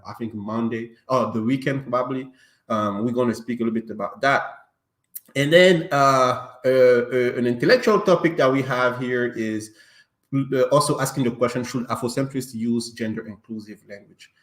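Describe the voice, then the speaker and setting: A man's voice: mid-range voice, fairly bright tone. Joking male podcast host in an echoey room. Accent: non-native English. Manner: joking, loose, many fillers and restarts. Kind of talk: casual online podcast chat. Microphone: online stream call.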